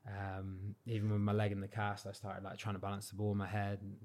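A young man with a southern English accent chats as a podcast guest, easygoing and modest, leaning on fillers. His voice sits fairly low. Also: a little fast. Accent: southern English, not Cornish. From Cornwall, England. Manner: relaxed, modest storytelling with many fillers. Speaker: podcast guest, football freestyler. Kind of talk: casual chat.

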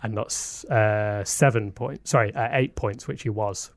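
A man's voice: on the low side, a little slow, gravelly, no room sound, clean studio sound. A man co-hosting a casual podcast chat, explaining details at length with a self-mocking streak. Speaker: podcast co-host.

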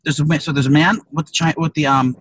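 A man co-hosting a comedy podcast, rambling through crude stories with loud, profane rants. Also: on the high side, steady tone, quick pace, slightly rough. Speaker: podcast co-host. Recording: distant from the mic.

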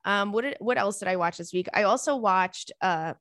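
A woman's voice: mid-range voice, normal speed, fairly bright tone, no room sound, clean studio sound. Gushing, rambling young woman host. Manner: rambling, gushing, swears freely. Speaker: podcast host. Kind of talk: casual chat.

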